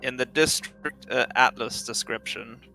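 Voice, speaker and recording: A man's voice: medium pitch, a little slow, vocal fry, bright, forceful tone, soft background music, low-quality recording. A man with a German accent playing a tabletop game, joking and eager. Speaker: player. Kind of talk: casual tabletop game talk.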